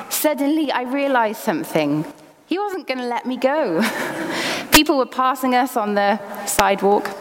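A woman gives a sermon to her congregation, her voice sitting a little high and carrying a long, ringing reverb from the church hall. She reads passages aloud from a book and drops small laughs between lines. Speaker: preacher.

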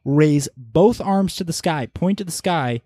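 A man's voice: a little high, unhurried, mellow, no echo, studio quality. A man hosting a podcast, talking casually and rambling with lots of ums and restarts. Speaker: podcast host. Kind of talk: casual chat.

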